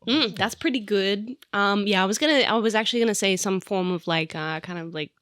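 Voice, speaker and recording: A woman's voice: mid-range voice, brisk, a bit bright, no room sound, clean studio sound. A woman taking part as a player in a tabletop game, chatting casually and hesitantly. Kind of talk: casual chat.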